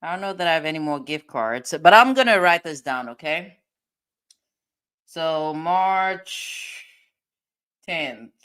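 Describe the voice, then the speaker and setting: A woman's voice: sits low, a bit bright, clear, resonant tone. A woman chatting casually with viewers on a livestream, laughing often, her voice tired. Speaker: livestream host.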